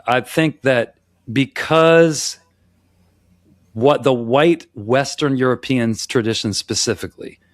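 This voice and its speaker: Recorded with no room sound, a mid-range American man discusses rhythm casually as a podcast co-host. He vocalizes rhythms and counts beats aloud, conversational and prone to restarts, and the sound is dry.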